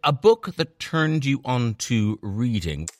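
Man, podcast host, lively up-and-down pitch, dry close sound, asking questions. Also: slow pace, no echo. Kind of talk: interview questions.

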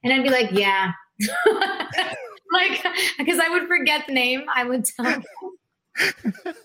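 Bright-voiced woman telling lively stories. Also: high voice, measured pace. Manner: animated storyteller, frequent "like", laughs a lot; acts out quoted voices. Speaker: guest singer. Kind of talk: casual interview chat.

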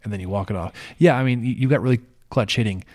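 A man's voice: mid-range voice, quick pace. A man hosting a podcast, chatting casually about sports with easy restarts. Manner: relaxed, repeats words. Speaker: podcast host.

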